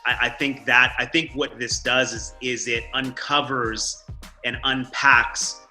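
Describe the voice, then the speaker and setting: Guy hosting a zoom interview, really bright sharp voice, halting thoughtful questions. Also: mid-range voice, fairly even intonation, faint music behind, low-quality recording. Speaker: interview host. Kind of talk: casual interview over video call. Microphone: video call.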